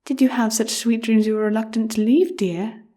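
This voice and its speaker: A woman voicing a gentle mare queen mother. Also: fairly high pitch, steady tone, moderate pace, lightly acted. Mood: tender. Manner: warm, soft, coaxing. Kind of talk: audiobook character voice.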